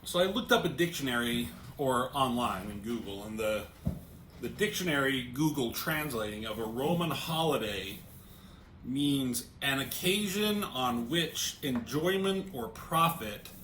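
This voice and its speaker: A man with a bright, forward voice talks casually through a comic book page by page and reads the panel lines out loud, stumbling over his openings. his voice rings around a roomy space with a faint hum of background noise. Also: medium pitch, expressive, a little slow. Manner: hesitant, repeats words when starting thoughts. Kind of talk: casual review walkthrough.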